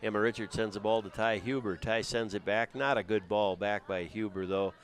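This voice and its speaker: A man doing steady, conversational play-by-play for a high school soccer game outdoors. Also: normal speed. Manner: steady, conversational, with frequent uh fillers. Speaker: play-by-play commentator. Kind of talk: live sports commentary. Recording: crowd noise in the background. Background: crowd noise.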